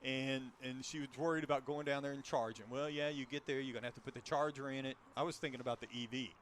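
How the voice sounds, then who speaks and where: A man's voice: mid-range voice, fairly even intonation, fast, fairly bright tone, slight background noise. A man co-hosting a car show, chatting casually and reeling off prices and specs. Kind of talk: casual outdoor chat.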